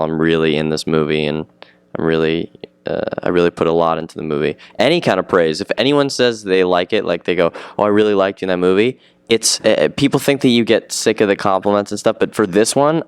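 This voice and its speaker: Deep-voiced eager teenage boy actor. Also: clean tone, no room sound. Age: teens. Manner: eager, rambling, repeats himself. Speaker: actor being interviewed. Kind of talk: casual interview chat.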